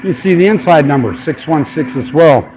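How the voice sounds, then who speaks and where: A man's voice: a little high, expressive, a little fast, a little mellow, slight background noise, rough recording. Irritated man ranting on a street livestream. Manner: irritated, ranting, swears freely. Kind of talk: casual livestream commentary. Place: outdoors on a city sidewalk.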